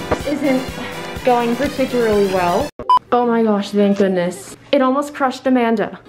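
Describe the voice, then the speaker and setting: A young adult woman, a college freshman, vlogs while unpacking in her dorm room, narrating casually and enthusiastically and often saying "literally" and "like." Her voice is fairly high with a measured pace, and music plays in the room.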